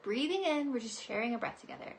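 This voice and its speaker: A woman's voice: on the high side, expressive, fast talker. A woman psychic giving a live-streamed oracle card reading, bubbly and giggly in a chatty way. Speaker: psychic reader.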